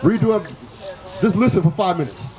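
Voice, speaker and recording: A man preaching on a city street, forceful and confrontational, firing rhetorical questions at passersby. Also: sits high, animated, fast, reverberant, poor audio. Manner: forceful, fires rhetorical questions, repeats "right?".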